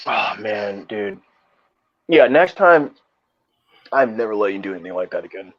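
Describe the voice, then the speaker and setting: A man's voice: fairly low pitch, lively intonation, moderate pace, dry recording. A young man casually telling a rambling, profane story in slangy talk. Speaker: podcast co-host. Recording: dull lo-fi dry sound.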